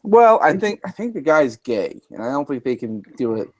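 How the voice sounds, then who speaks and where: A man's voice: medium pitch, sing-song, moderate pace, no room sound. A man hosting a casual group stream chat, talking hesitantly with many fillers and restarts. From Canada.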